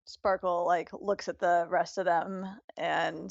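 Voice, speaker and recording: Slow-spoken woman player. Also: lowish voice, level tone, creaky, no room sound, muffled recording. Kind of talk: casual tabletop play.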